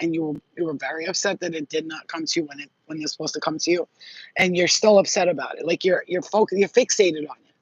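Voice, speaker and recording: A woman's voice: on the low side, slightly rough, no echo, dull audio. A woman casually giving a channeled psychic reading to camera, blunt and chatty, swearing freely and speaking straight to her viewers. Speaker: psychic reader.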